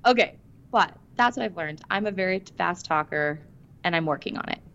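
A young woman co-hosting a podcast, talking fast and animated in casual chat. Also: on the low side, highs cut off. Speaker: podcast co-host.

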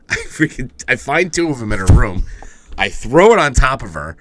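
A man's voice: medium pitch, sing-song, moderate pace, background noise. A man co-hosting a podcast, telling a rambling story in casual chat, swearing and laughing often. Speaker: podcast co-host.

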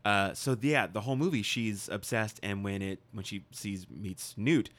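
A man's voice: lowish voice, moderate pace, fairly bright tone. A man in casual chat, rambling through explanations of a film he is showing his co-host. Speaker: podcast co-host.

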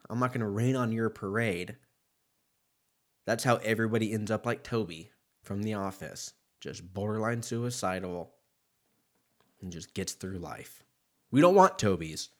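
A man's voice: on the low side, expressive, moderate pace. A man hosting his own podcast in a casual, rambling way, swearing freely and laughing at his own jokes. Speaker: podcast host. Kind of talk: casual solo podcast chat.

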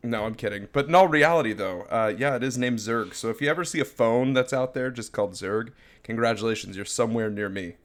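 A man's voice: medium pitch, a little fast, few pauses. A young man co-hosting a comedy podcast, rambling through stories and laughing as he talks. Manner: rambling, laughs often mid-sentence. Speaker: podcast co-host. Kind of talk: casual comedic chat.

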